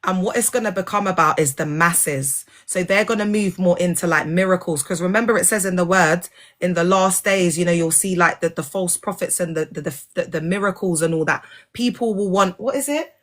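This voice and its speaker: A woman's voice: lowish voice, a little fast. A woman talking in a casual, rambling monologue. She is frank and sarcastic and keeps asking the listener if they follow. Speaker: vlogger and former church member.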